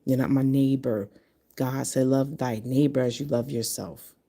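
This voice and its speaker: Woman in her fifties, mellow low-toned voice, blunt, swears freely, casual monologue. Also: steady tone, moderate pace, gravelly. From Connecticut, US. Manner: blunt, profane and opinionated. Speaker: vlogger.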